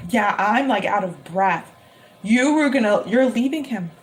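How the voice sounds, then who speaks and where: A woman giving a live-streamed tarot reading, talking emphatically and repeating her phrases with excitement. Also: mid-range voice, slow, background noise. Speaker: tarot reader.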